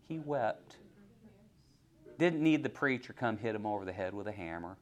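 A man preaching a sermon, asking the congregation questions and swinging from hushed near-whispers to loud, rising exhortation. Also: on the low side, expressive, normal speed.

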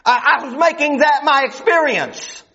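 A man's voice: very high-pitched, animated, normal speed, bright, forceful tone. A man preaching a sermon, emphatic and full of rhetorical questions, on a dull lo-fi recording.

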